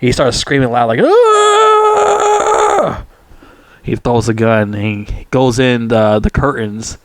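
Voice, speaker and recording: A man's voice: medium pitch, steady tone, moderate pace, no room sound. Profane, rambling man recapping a film. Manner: profane, full of fillers and restarts. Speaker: movie reviewer.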